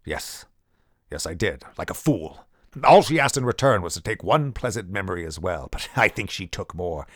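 A man's voice: low voice, sing-song, moderate pace, no room sound, studio quality. A man reading an audiobook, voicing a proud older general who is demanding and snappish. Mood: grim. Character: gruff proud older male general, blustering.

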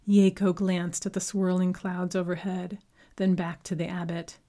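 A woman reading a story aloud as narrator, with a measured, unhurried delivery. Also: fairly low pitch, flat delivery, dark tone. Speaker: audiobook narrator. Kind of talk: scripted narration.

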